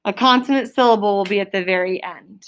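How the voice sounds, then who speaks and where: A woman teaching a third grade class in a classroom, sounding out spelling words slowly and clearly. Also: mid-range voice. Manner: clear, drawn-out word sounding. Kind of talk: classroom phonics lesson.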